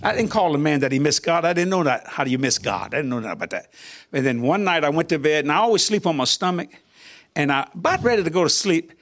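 An older man tells his testimony in a high, lively voice that climbs and drops. He talks casually and laughs often, and he acts out the quotes with sudden leaps in pitch. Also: fast talker. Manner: animated, laughing, colloquial, voices quotes with big pitch jumps. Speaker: guest minister. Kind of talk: testimony storytelling.

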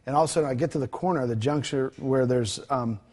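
A man speaking quickly in a husky voice at an ordinary middle pitch tells a ministry testimony as a guest. He's conversational and animated, acting out the dialogue with plenty of fillers and restarts.

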